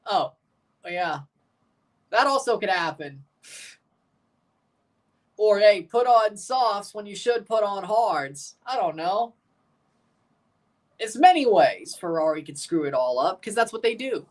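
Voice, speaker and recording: A man's voice: high voice, lively intonation, takes it slowly, pauses often. A man hosting a live watchalong, chatting casually in a rambling, sarcastic way and swearing freely. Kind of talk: casual live reaction chat.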